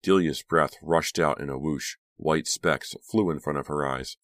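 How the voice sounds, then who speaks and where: A man reading a teen thriller novel aloud in a steady, measured audiobook narration. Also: very deep voice, no room sound, studio quality. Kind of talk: scripted narration.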